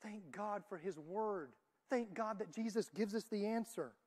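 A woman preaching a church sermon in a voice of middle pitch. She builds some lines to loud, emphatic peaks and drops others almost to a hush. Her delivery is dynamic and insistent. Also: measured pace.

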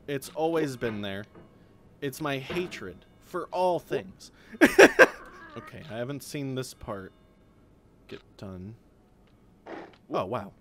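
A man's voice: mid-range voice, animated, slow pace, long pauses, background noise. A man in let's play commentary, reacting to a hard climbing game with anxious exclamations, pleading and cursing at the game. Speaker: gaming video creator. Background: game music.

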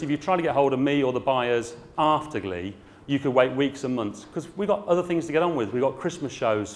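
A middle-aged man who runs garden centres, speaking frankly and jokily to a trade show audience. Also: medium pitch. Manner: frank, chatty and jokey, with dry asides.

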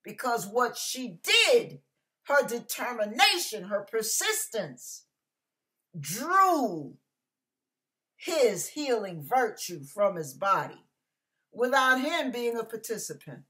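Woman preaching, fiery and emphatic, slow delivery, sing-song pitch, folksy. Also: very animated, fairly bright tone. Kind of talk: sermon.

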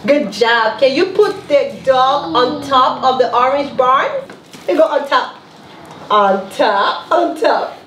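Casual: woman teaching a toddler, slow encouraging sing-song, lots of praise, roomy echo. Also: high-pitched, lively intonation, a bit bright, a little hiss or hum. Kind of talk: playful one-on-one teaching of a young child.

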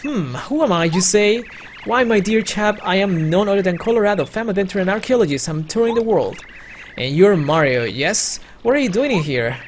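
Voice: mid-range voice, animated, brisk, slight background noise, pitched above the performer's own voice, close to an everyday voice. A player doing Kolorado, a pompous explorer. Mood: jaunty. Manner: plummy, old-fashioned phrasing. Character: pompous male explorer, upper-class and cheerful.

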